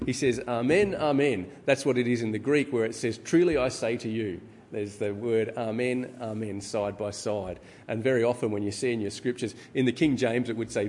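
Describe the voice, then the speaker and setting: Middle-aged guy giving a sermon, lowish voice, long hall reverb. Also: a little mellow, a little hiss or hum. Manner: measured teaching tone with filler ums. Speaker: preacher. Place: church hall. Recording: reverberant hall with faint ambience.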